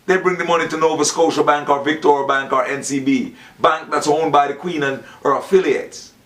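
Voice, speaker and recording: A man's voice: on the high side, fairly even intonation, fairly quick, fairly bright tone. A man talking in a rambling, preachy monologue, acting out the dialogue he quotes. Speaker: Rasta speaker. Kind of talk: casual monologue.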